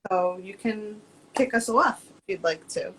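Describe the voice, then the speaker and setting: A woman's voice: mid-range voice, unhurried, a bit bright, slight background noise, rough recording. A woman hosting a live online show, introducing her guest in a bubbly, friendly way. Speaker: host. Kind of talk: casual live-stream talk.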